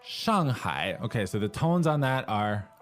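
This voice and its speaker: A man's voice: on the low side, very animated, unhurried, soft background music. A man co-hosting a language lesson, translating and asking guiding questions in a casual way. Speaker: lesson co-host.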